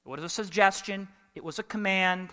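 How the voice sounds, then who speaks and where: A man preaching a sermon in an animated, humorous way, putting questions to the congregation. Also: sits high, brisk, in a large hall. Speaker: pastor.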